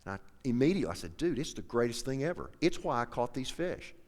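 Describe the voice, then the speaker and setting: A man telling a folksy, animated story to a live audience, acting out both sides of the conversation. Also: medium pitch, quick pace. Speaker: professional angler speaking to an audience. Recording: echoey hall with long reverb.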